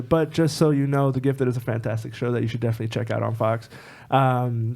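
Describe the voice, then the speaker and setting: A male co-host with a gravelly, creaky edge to his mid-pitched voice. He talks in an animated, joking way and is quick to laugh, recorded in a podcast studio. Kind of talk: casual podcast chat.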